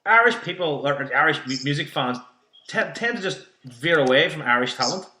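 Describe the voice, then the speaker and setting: A man hosts a podcast in relaxed, eager chat, cursing casually as he talks. His voice sits a little high and sounds bright. The recording is roomy, with noticeable echo. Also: fairly quick. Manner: eager, laughs easily, swears casually. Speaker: podcast host.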